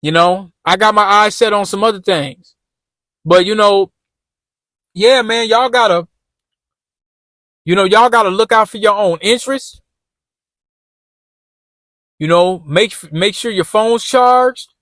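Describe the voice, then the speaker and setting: A high-pitched man talks casually from his car, looping back over his points in easygoing street slang. The sound is dry and close, with no room echo. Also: measured pace, pauses often, a bit bright. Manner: loose, repetitive street slang, addresses viewers as y'all. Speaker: vlogger giving job-interview tips. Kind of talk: casual talk while driving.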